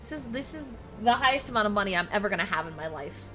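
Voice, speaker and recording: A woman streaming a video game, chatting excitedly with viewers, squealing and swearing when surprised. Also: medium pitch, rapid-fire, music in the background. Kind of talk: casual live-stream chatter while playing.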